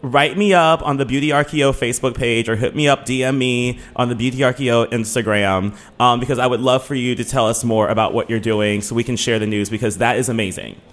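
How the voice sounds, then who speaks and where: A man co-hosting a casual podcast, excitable and chatty, quick to laugh. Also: mid-range voice. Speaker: podcast co-host.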